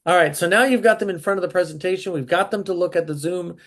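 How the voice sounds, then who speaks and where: A man's voice: sits high, fast talker, fairly bright tone. A man hosting an interview, asking guiding questions about closing sales. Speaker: host.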